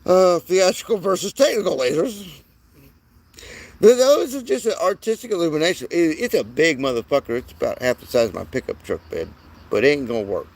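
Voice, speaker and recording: A man's voice: on the high side, lively intonation, brisk, creaky, darkish tone. A man delivering a rambling, profane monologue as the channel's host, often restarting his sentences.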